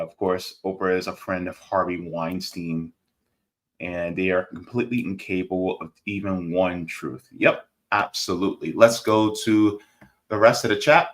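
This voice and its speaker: An American man hosts a political livestream, chatting casually and reading chat comments aloud. He's animated and sarcastic, swinging from loud outbursts to low mutters.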